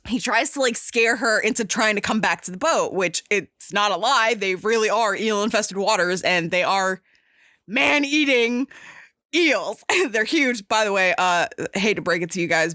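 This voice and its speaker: A young woman hosting a podcast, animatedly retelling a film scene by scene with frequent laughs and quick asides. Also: mid-range voice, sharp tone, dry recording, clean studio sound. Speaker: podcast host. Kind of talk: casual movie recap.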